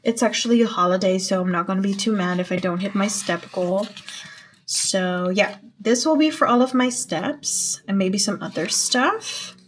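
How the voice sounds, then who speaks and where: A woman's voice: mid-range voice, normal speed. Chatty woman vlogger talking to herself. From Netherlands. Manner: chatty, self-talking, playful exclamations. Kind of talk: casual planner setup vlog.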